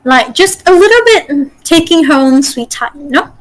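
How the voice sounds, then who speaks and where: Chatty lady dm running an online voice workshop, kinda high voice, lots of likes and ums. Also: animated, normal speed, low-quality recording. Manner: chatty, full of fillers and restarts. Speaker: game master teaching a voice acting workshop. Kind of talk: casual online workshop teaching.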